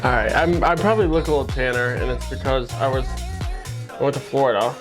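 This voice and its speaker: Over music, a fast-talking man with a medium-pitched voice rambles loosely as he paints in his art studio. He's a painter and video host, and his casual chat is full of "like," restarts, and jokey asides.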